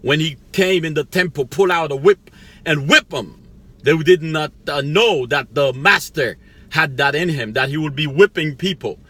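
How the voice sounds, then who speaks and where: A man's voice: on the high side, moderate pace, fairly bright tone, no echo. A middle-aged man giving a rambling motivational monologue as a life coach, preachy, laughing to himself now and then. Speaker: life coach, channel host.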